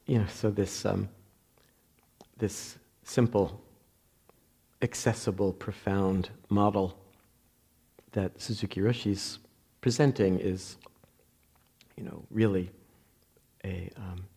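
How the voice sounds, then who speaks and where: Male Zen teacher with a New Jersey accent, low husky voice, unhurried reflective dharma talk full of pauses and restarts. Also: warm tone. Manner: halting, reflective, many fillers and restarts.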